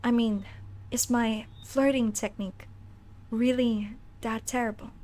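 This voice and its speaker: A shy, awkward male incubus from a game, stumbling over his flirting in a soft, hesitant voice that sits lower and quieter than the rest of the stream, as a woman puts him on. He stammers and backpedals, nervous and eager to please. He is clearly a nerd out of his depth. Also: fairly even intonation, a little slow, close to an everyday voice. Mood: flustered.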